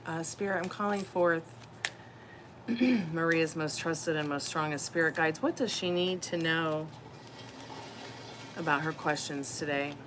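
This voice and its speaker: Casual chatty woman doing live tarot readings from home, low voice, noisy stream audio. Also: unhurried, long pauses. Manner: chatty, friendly, calls viewers dear. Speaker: tarot reader.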